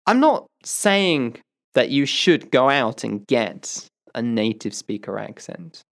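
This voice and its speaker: Slow, deliberate male podcast teacher. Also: mid-range voice, sing-song, vocal fry. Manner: emphatic, rhetorical questions, deliberate. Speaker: English teacher and podcast host. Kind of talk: podcast monologue.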